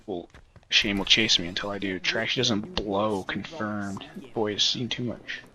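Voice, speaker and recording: A man's voice: on the low side, steady tone, measured pace, bright, forceful tone. A man hosting a let's play, rambling, joking and swearing as casual gameplay commentary.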